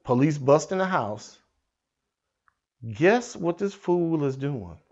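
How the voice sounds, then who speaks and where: Slow, animated man ranting the news. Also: a little high, highs cut off. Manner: dramatic, slangy storytelling. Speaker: host of a satirical news show. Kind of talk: comedic news rant.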